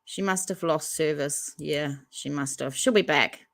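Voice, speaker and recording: A woman with a slightly low voice hosts a relaxed livestream. She reads out viewer comments and answers each one in easy, casual chat, as if talking to friends. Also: unhurried, gravelly, dry recording. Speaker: livestream host reading chat.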